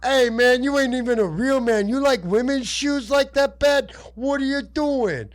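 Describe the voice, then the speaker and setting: A drunk, swaggering loudmouth comedian, as a man puts him on, bellowing crude taunts in a loud, high-pitched voice. The delivery is shouty and brash, pushed well above a normal talking register. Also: a little slow. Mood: rowdy taunting.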